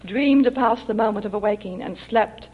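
A woman reading her own short story aloud at a public reading, expressive and measured. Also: mid-range voice. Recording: dull lo-fi archival recording.

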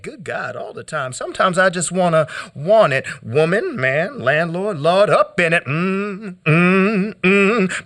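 Man, poet at a live reading, fairly high voice, chanting rhythm, stammered repeats, sudden hush-to-shout swings. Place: hall.

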